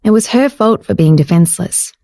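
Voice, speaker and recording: A woman voicing a shy, affectionate young heroine in an audiobook romance, speaking high and earnest. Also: lively intonation, brisk, vocal fry, mellow, no room sound. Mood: tender. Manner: pitched up, earnest and emotional. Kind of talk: audiobook character voice.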